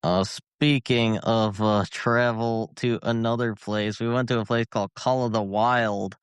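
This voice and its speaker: Young guy with a michigan accent rambling on a podcast, smooth voice, dry close sound. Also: lowish voice, fairly even intonation, a little slow, no echo. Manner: rambling, filler-heavy storytelling. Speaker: podcast co-host. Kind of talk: casual chat.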